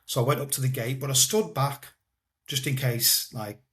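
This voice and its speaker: Man, guest, personal story, halting delivery with repeats and soft trailing endings. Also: mid-range voice, steady tone. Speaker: guest telling his life story. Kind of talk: personal storytelling in a podcast interview.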